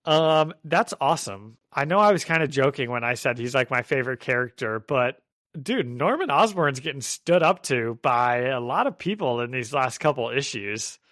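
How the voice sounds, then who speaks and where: A man hosting a casual comic book podcast, animated and quick to laugh. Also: mid-range voice, no room sound, clean studio sound. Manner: animated, laughs often, acts out quotes. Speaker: podcast host.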